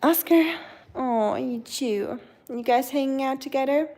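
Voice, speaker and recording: A native German woman from near the French border chats casually on a livestream at home, answering her chat in a rambling way with many pauses, often on "um." She breaks off now and then to soothe her dog. Her German-accented voice is high, mellow and fairly even in intonation.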